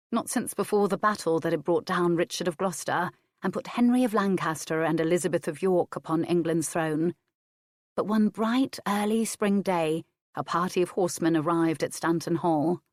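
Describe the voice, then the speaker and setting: A woman narrating an audiobook in a low, steady voice. Her reading is measured and even, and the recording is dry and close, with no room sound. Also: no echo. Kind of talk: scripted narration.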